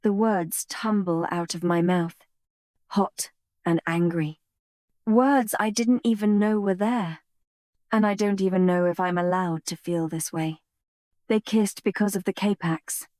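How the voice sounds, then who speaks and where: A woman reads a first-person romance audiobook at an unhurried pace. Her voice is mellow and close, and the recording is dry with no room sound. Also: mid-range voice, dry recording. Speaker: audiobook narrator.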